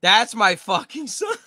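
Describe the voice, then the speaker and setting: A middle-aged man co-hosting a podcast, telling profane, animated stories in casual chat. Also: high voice, dry recording, clean studio sound. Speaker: podcast co-host.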